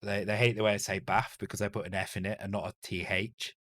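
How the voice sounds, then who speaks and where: This streamer from Northern England codes a retro game live, talking through his thoughts, muttering, fixing his own mistakes and joking with the odd swear word. He speaks fast in a flat, fairly low voice that's a bit bright, recorded without echo.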